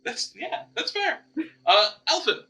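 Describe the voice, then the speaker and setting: A man running a tabletop game as dungeon master, narrating lively and acting out monster screams. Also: very high-pitched, measured pace.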